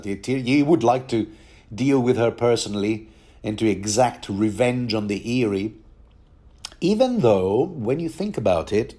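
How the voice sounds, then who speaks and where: A man's voice: mid-range voice, warm tone. A man giving a rambling, chatty commentary on a book, with many restarts and bits of laughter. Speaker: podcast host reading and commenting on a book.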